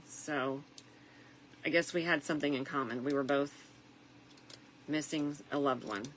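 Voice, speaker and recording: Tired, low-voiced woman chatting while crafting. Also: fairly even intonation, a little slow, pauses often, slight background noise, rough recording. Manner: soft-spoken and reflective, with frequent fillers. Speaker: craft vlogger. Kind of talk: casual crafting chat.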